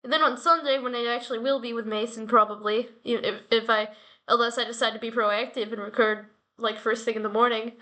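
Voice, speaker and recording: High-voiced woman rambling playfully. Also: steady tone, fairly quick, sharp tone. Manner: rambling, playful, talks to her chat. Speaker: host of a daily talk show. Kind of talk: casual solo vlog chat.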